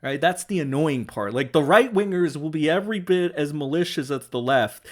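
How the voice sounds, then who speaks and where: A man's voice: fairly high pitch, lively intonation, moderate pace. A young man giving a profane, sarcastic rant, reacting to social media posts as a commentary streamer. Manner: profane, sarcastic, mocking voices of others.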